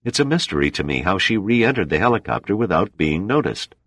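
A worn-out male pilot, curt and defensive, read by a deep-voiced male narrator. The voice is pushed a little higher and harder than the narration. The recording is dry and close. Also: very animated, fairly quick, a bit bright, breathy edge, no room sound, heavily acted.

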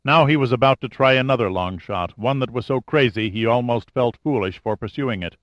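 Male audiobook narrator, even measured delivery, lo-fi recording. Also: medium pitch, no room sound. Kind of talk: scripted narration.

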